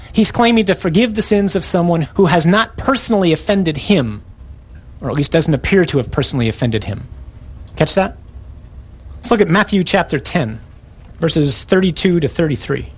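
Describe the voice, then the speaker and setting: A man delivering a sermon in a somewhat high voice. He speaks with emphasis and keeps pressing his listeners with rhetorical questions. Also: slightly rough. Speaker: preacher.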